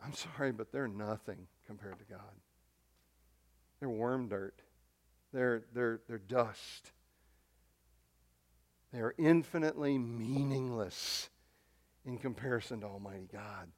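A pastor preaches excitably and emphatically in a mid-range voice, often repeating words and swinging between loud stresses and quiet asides. He speaks slowly and pauses often.

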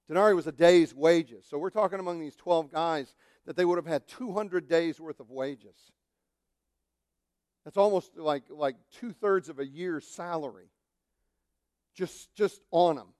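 A male pastor delivers a lively sermon in a high voice. He is animated, slipping into quoted voices and jokes. The sound is dry and close. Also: dry recording.

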